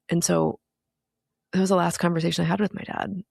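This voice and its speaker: A woman's voice: fairly low pitch, little pitch movement, fast, creaky, a little mellow, slightly rough, dry recording, studio quality. A woman in her thirties, a guest in an interview, telling personal stories in an earnest, reflective way. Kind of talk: candid interview conversation.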